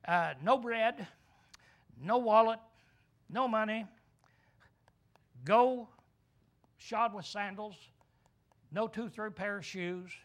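A man's voice: sits high, a bit bright. A man preaching a sermon, asking questions and answering them himself, drawling key words for emphasis.

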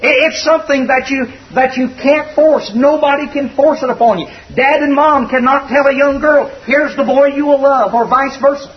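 A man's voice: very high-pitched, steady tone, moderate pace, hardly any pauses. A man preaching a sermon in a folksy, conversational and earnest way. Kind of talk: expository sermon. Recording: dull distant recording.

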